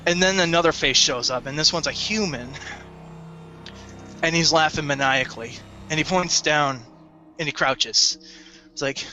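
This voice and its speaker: A man narrating a tabletop game as game master in a descriptive, halting way. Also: fairly high pitch, bright, forceful tone, lo-fi sound, soft background music.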